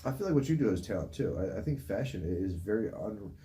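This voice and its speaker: A man, hosting a casual radio chat in an animated way. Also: lowish voice. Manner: animated, laughs, does quick voices in stories. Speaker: radio show host. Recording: faint ambient noise.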